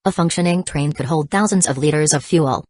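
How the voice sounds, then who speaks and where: Low-voiced woman reading an audiobook. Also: a little fast, darkish tone, no echo. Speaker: audiobook narrator. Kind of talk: scripted narration.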